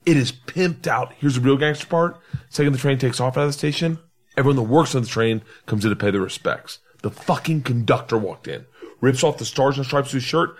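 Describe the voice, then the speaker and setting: A man's voice: medium pitch, fairly quick. A man in his thirties telling a long comic story to friends on a podcast, rowdy and laughing, acting out the voices of the people in it. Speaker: podcast host. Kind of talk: drunken storytelling among friends.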